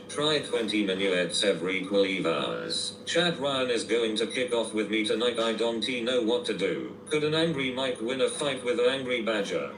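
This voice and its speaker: A text-to-speech male voice reading out viewer messages in a flat, mechanical way. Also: fairly low pitch. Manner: flat, mechanical delivery, reads out emoji names. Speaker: text-to-speech chat reader. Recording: roomy, distant and noisy playback.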